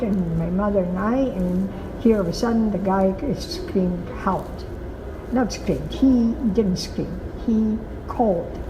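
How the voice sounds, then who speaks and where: Older woman with a gravelly voice. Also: mid-range voice. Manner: slow, halting, emphatic storytelling. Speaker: Holocaust survivor giving testimony. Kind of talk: recorded testimony. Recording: echoey, muffled recording with noise.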